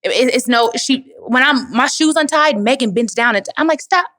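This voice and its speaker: A woman's voice: sits high, fairly quick, fairly bright tone. A woman from Dallas, Texas, answering audience questions in an emphatic, preachy motivational way, calling listeners "baby.". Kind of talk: motivational live Q&A talk.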